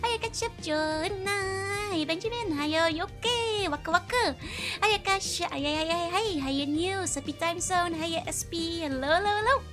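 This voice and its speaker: A young woman with a high voice chats bubbly and giggly on a live game stream, greeting viewers one after another. Her close mic sits over faint game music in the background. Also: normal speed. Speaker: VTuber streamer. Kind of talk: casual live-stream chat.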